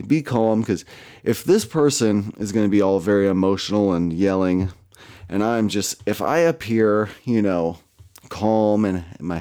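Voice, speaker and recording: A man's voice: on the low side, warm tone. A man casually telling a personal story, rambling and profane, with lots of fillers and self-mocking asides.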